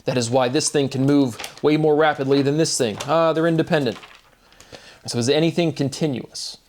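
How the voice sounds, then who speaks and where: The host of a self-made video series thinks aloud in an unscripted solo monologue, using a fairly high, darkish voice with fairly even intonation at a moderate pace. He rambles through free-associating wordplay full of fillers and restarts, often checking in with "right?". A little hiss or hum sits in the recording.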